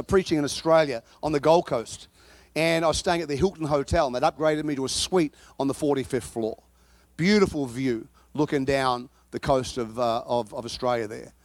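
A man with a notably high voice preaches with lively, story-driven energy. He rises into loud shouting at times. The sound is dry and close. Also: normal speed, no room sound. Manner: animated storytelling, bursts into shouting. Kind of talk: sermon.

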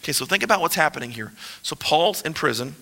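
A man with a high, very bright, sharp voice preaches a passionate sermon. His delivery swings from hushed asides to driving, emphatic lines. The voice rings with the long reverb of a large church hall. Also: lively intonation, quick pace, vocal fry. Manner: impassioned, shifts between soft and emphatic. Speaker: pastor.

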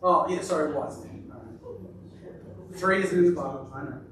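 Aussie guy preaching in a big echoey church, higher voice, mic a bit far, faint room noise. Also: measured pace, a bit bright. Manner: jokey, chatty, asks the congregation to respond. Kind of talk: sermon.

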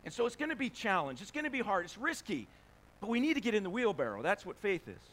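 This pastor is a very animated, fast talker whose notably high voice has a fairly bright tone. In his conversational sermon he asks the congregation rhetorical questions and briefly acts out the people in his stories.

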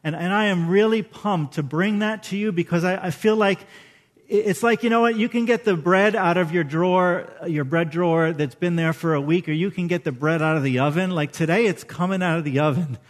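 A man's voice: high-pitched, brisk. A man in his fifties preaching a sermon as pastor, chatty and emotional, often putting questions to the congregation.

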